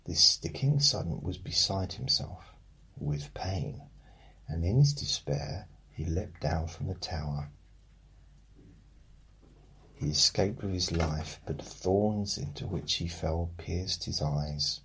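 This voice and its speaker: Deep gravelly guy reading a fairy tale, slow and raspy, dry jokey asides. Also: low-quality recording. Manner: deadpan, joking. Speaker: storyteller. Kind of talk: bedtime story reading with comic asides.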